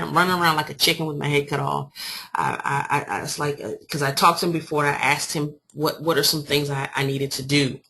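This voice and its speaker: A woman giving an informal marketing training talk, telling her story in an animated, emphatic way. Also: sits low, brisk. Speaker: online marketing coach.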